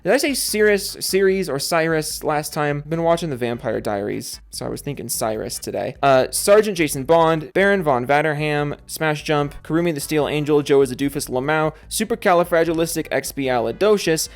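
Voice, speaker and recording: A young man hosting a casual solo gaming vlog, ranting with heat, swearing freely, then reading out member shoutouts. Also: a little high, moderate pace, few pauses, faint music behind. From Seattle area, USA. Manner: animated, swinging between heated yelling and tired mumbling. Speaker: gaming commentary host.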